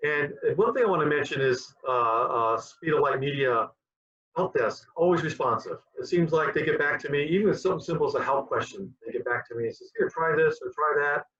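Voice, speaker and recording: A man's voice: on the high side, brisk, a bit bright, breathy edge. A man being interviewed as a guest who rambles and often repeats his words. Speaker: guest, QA director. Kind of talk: conversational interview. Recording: dull lo-fi sound.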